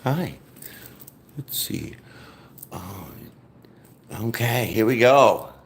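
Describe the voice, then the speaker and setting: A man's voice: medium pitch, lively intonation, very slow, echoey room, noisy background. A man giving a casual live-stream tarot reading, talking straight to his viewers in a loose, profane way. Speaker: tarot reader.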